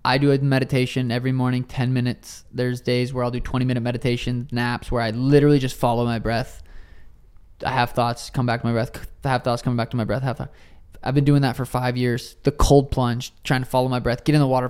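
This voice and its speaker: A man's voice: mid-range voice, steady tone, quick pace, a little mellow, clean tone. A young adult man in a casual interview, speaking loosely and profanely, often restarting his sentences. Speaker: interviewee, professional fighter.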